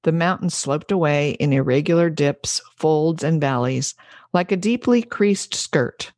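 A woman podcast host and business coach reading an essay aloud in a measured, storytelling way. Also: low voice, darkish tone, no echo, studio quality.

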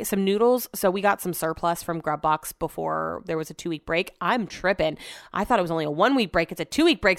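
A woman's voice: fairly low pitch, a bit bright, smooth, no room sound, clean studio sound. A woman hosting her own show, telling stories in a rambling, casual way, full of "like" and swearing. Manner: chatty, rambling, heavy use of "like" and swearing. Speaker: podcast host. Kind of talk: casual storytelling chat.

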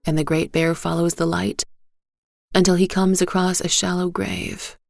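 A woman narrating a first-person story in a measured, gentle reading style. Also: fairly low pitch, level tone, gravelly, music in the background.

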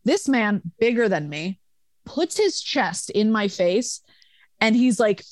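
Profane, animated woman telling a story. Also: mid-range voice, slow, no echo. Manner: profane, animated, acts out quotes. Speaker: podcast guest, former bar manager. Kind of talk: casual storytelling.

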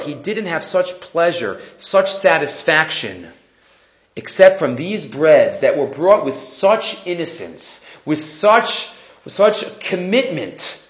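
A man delivers a storytelling sermon with a high, very lively voice, acting out each character. The recording is roomy and echoey, with a dull, muffled sound. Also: slow. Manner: animated storyteller, acts out characters. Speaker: rabbi or teacher giving a sermon.

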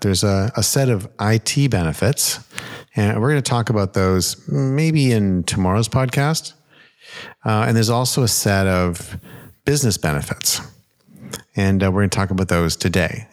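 Very deep-voiced playful male podcast host. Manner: playful, rambling, with fillers and self-corrections. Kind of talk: casual podcast talk. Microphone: close studio microphone.

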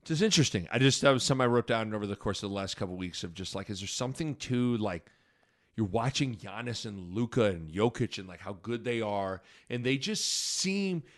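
A lowish, animated male voice belongs to a podcast host chatting about sports over wine. He rambles through his points, keeps cutting himself off, and is quick to apologize and start over.

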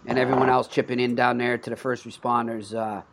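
A man with a Boston accent hosts a sports podcast in a loose, casual way. He rambles, restarts his sentences often and fills pauses as he goes. His voice sits at an ordinary middle pitch. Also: level tone, creaky, noisy background. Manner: rambling, with frequent restarts and fillers. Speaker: podcast host. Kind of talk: casual chat.

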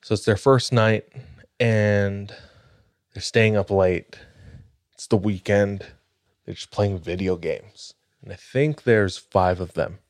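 A man hosting a podcast spins a spooky tale in a measured, dramatic way. His voice sits very low and he takes his time. The recording is close and dry. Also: no echo. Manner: measured, dramatic storytelling with light laughs. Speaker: podcast host. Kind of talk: telling a spooky story on a podcast.

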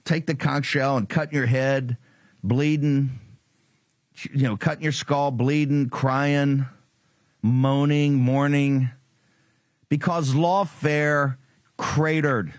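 A man's voice: medium pitch, steady tone, slow pace, pauses often, no echo, studio quality. A man hosting a political talk show, delivering a combative, taunting monologue full of sarcasm.

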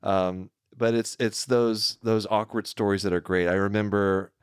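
Male co-host, low pitch, dry close sound, chatty and halting. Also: level tone, clear, resonant tone, dry recording. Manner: chatty, halting with fillers and restarts. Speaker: co-host, ophthalmologist. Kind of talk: casual chat.

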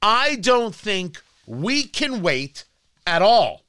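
A man's voice: high voice, very animated, extremely slow, sharp tone, smooth, no room sound. A man hosting a talk radio show, delivering an emphatic, combative monologue into a studio microphone.

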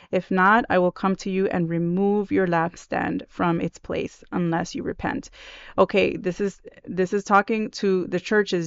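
A woman hosts a devotional podcast in an earnest, chatty way, often restarting her sentences. Her voice is smooth and clear. The recording is dry and a little dull. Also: medium pitch, dry recording. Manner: earnest, conversational, with many restarts. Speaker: podcast host.

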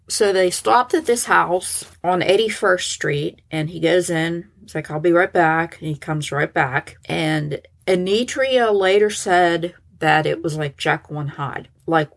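Low-voiced woman telling a crime story. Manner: conversational, lots of "like" and "so he goes". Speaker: true crime podcast host. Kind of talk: casual storytelling narration.

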